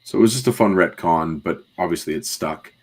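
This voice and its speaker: Briskly and in a low, somewhat mellow voice, a man co-hosting a podcast runs through scenes in casual detail. His recap rambles, with frequent "um"s, fillers and asides.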